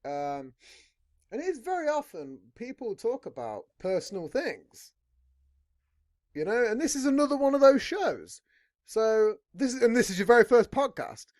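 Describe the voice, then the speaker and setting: Lively, foul-mouthed podcast host. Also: male voice, very high-pitched, moderate pace. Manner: swears constantly, rambling and blunt. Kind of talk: casual podcast chat.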